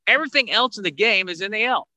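A man hosting a casual sports podcast, talking in an animated way that gets higher when he drives a point home. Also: fast talker, no echo, rough recording. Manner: animated, rising pitch when making a point. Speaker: podcast host.

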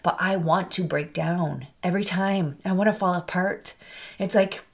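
A woman's voice: fairly low pitch, moderate pace. A woman hosting a podcast, speaking candidly and from the heart in a personal monologue, with a rambling, conversational flow. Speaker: podcast host.

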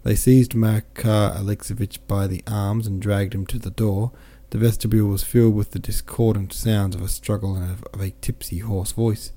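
A man narrating a classic novel at a steady, measured pace as a podcast host. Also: lowish voice. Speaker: audiobook reader and podcast host. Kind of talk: audiobook narration.

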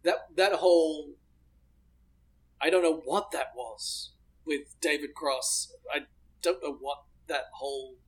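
A man's voice: a little high, takes it slowly, husky. A young man, thinking aloud in casual chat and often restarting his phrases.

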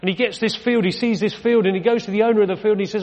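A man's voice: high-pitched, quick pace, hardly any pauses. A middle-aged British man, a vicar preaching a sermon in a chatty, conversational way, throwing in rhetorical questions and wry asides about himself. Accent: British English. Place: church. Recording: long church reverb.

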